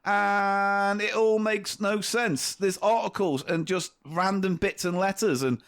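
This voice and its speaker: A man's voice: sits high, fairly even intonation, slow pace, fairly bright tone. A man, co-hosting a casual podcast chat, reading listener letters aloud with plenty of swearing. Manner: sweary, laughing while reading out jokes. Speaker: podcast co-host.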